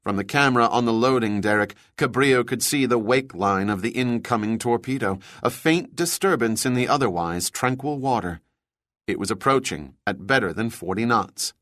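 Male narrator, steady measured reading, mid pitch, dry close-miked sound. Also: no echo. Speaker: audiobook narrator. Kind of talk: scripted narration.

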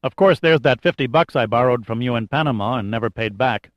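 A man reading an audiobook, voicing a cool male hero who speaks calmly and matter-of-factly. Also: mid-range voice, a little fast, dry recording, lightly acted. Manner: calm, matter-of-fact. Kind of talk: audiobook character voice. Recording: dull lo-fi dry recording.

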